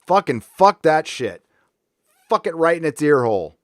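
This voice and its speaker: A man's voice: on the high side, very animated, normal speed, no room sound, clean studio sound. A man hosting a live stream, ranting angrily with heavy profanity, then easing into casual chat with viewers. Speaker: livestream host.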